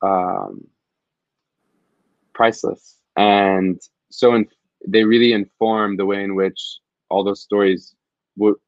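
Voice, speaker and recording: A man's voice: on the low side, flat delivery, takes it slowly, long pauses, no room sound, muffled recording. A man, a field reporter, telling stories in an interview in an earnest, reflective, rambling way. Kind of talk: conversational interview storytelling.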